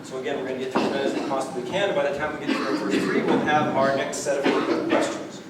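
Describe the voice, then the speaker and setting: A man's voice: medium pitch, fast talker. A man moderating a candidates' forum, speaking to the audience and telling jokes between the formalities. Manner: jokey, tells anecdotes to the crowd. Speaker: debate moderator. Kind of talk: public forum hosting. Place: large hall, recorded from far. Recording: echoey hall from far off, noisy.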